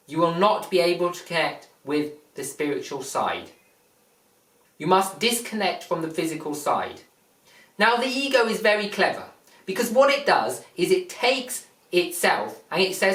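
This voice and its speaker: A man giving a slow, repetitive spiritual talk, explaining and asking rhetorical questions. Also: a little high, animated, fairly bright tone. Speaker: spiritual teacher. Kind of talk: teaching monologue. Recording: roomy, distant mic.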